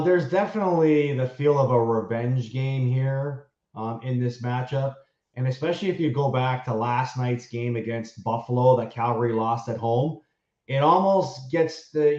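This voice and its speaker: A man's voice: medium pitch, a little mellow. Male ex-player co-host, conversational and emphatic, echoey lo-fi sound. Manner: conversational, with restarts and emphatic bursts. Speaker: co-host, former hockey player. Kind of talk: casual sports betting chat.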